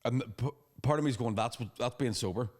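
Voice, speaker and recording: A man co-hosting a podcast tells rambling, sweary stories in casual conversation, talking fast and tossing in laughing asides. His voice is medium-pitched with a darkish tone.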